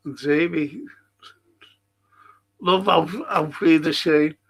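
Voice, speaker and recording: A man's voice: fairly high pitch, takes it slowly, breathy edge. A man with a Liverpool accent hosting a casual live stream, chatting and answering viewer comments as he reads them out. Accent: Liverpool (Scouse).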